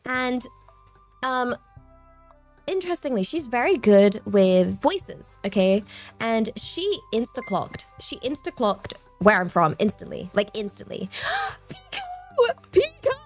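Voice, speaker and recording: A woman's voice: on the high side, big pitch swings, a little slow, faint music behind. A young woman from southern England with a southern English accent, chatting casually on a live stream in a bubbly, rambling way, repeating words as she talks.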